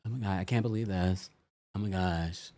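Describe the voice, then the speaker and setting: A man's voice: deep voice, normal speed, dark tone, pitched below the performer's own voice. A man doing an impression of a frantic, phone-obsessed reality-star woman, fretting in breathless repeated exclamations. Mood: fretful.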